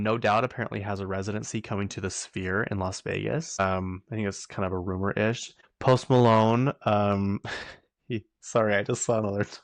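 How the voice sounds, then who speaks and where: A man hosting his own podcast, talking casually in a chatty, animated way and laughing often. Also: on the low side, no echo. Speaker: podcast host. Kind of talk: casual solo chat.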